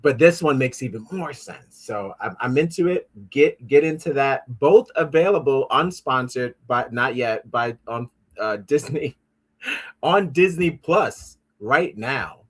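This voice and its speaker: A podcast host with a mid-range, slightly rough voice and lively intonation runs a casual pop-culture commentary show at an unhurried pace. He rambles and swears, restarting often and tossing in asides, and gets easily frustrated, talking back at his devices.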